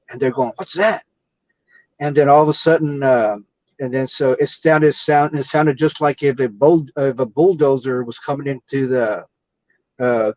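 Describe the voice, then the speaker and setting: Brief: man, halting fireside-style storyteller, dry lo-fi video-call sound. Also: medium pitch, darkish tone, dry recording. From Texas. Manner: halting, full of "uh" fillers and restarts. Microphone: computer or phone mic on a video call. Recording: dull lo-fi video call audio.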